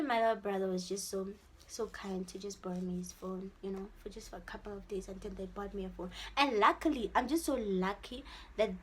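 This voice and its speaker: A young South African woman with a South African accent tells a casual, animated story in her vlog, mixing in Setswana phrases. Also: medium pitch, breathy edge. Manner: animated, slips into Setswana for quoted lines. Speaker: vlogger. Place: her room at home.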